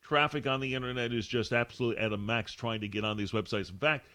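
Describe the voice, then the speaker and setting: A man's voice: mid-range voice, fairly even intonation, fast, pushed and bright. A man hosting a talk radio show, sarcastic and full of rhetorical questions.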